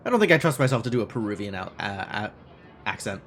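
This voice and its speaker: A man streaming a game live, thinking aloud and joking at himself in an animated way. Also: on the low side, quick pace, a little hiss or hum.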